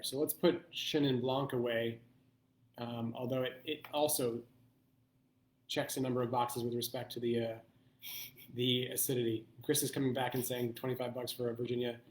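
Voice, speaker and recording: A man hosting a live online blind wine tasting, thinking aloud in an unhurried way and pausing often to weigh his options. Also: mid-range voice, reverberant. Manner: thoughtful, thinking aloud with pauses.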